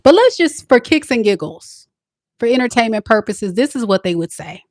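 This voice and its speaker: A woman's voice: a little high, sing-song, normal speed, darkish tone, no echo, studio quality. A woman tarot reader chatting playfully and teasingly to her viewers in a casual reading.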